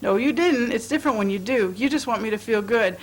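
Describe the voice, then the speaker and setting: A worn-out young man talks earnestly and doggedly about his worries, as read by a woman in a story reading. The voice is her own fairly high one, lightly colored, with faint noise in the background. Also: lively intonation, brisk, poor audio. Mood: worried. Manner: low-key, earnest, worried.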